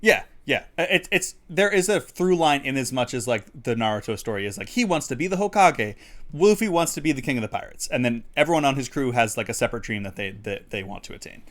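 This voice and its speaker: A man's voice: mid-range voice, animated, fast, fairly bright tone. A man co-hosting a livestreamed talk show, chatting casually with lots of fillers and frequent laughter. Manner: rambling, laughs often, many fillers. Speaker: podcast co-host. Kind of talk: casual chat. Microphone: studio mic on a livestream.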